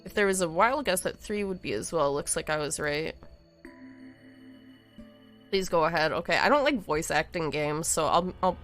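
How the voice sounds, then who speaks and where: A woman's voice: low-pitched, lively intonation, moderate pace, pauses often, soft background music. A woman live-streaming a game, chatting and giggling with viewers as she reads the game's lines aloud. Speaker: streamer playing a visual novel.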